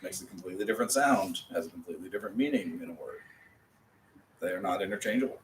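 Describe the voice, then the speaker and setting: A man's voice: low-pitched, animated, fast talker. A man teaching a class, explaining each step patiently. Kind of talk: classroom lesson. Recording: roomy, from a distance, faint noise.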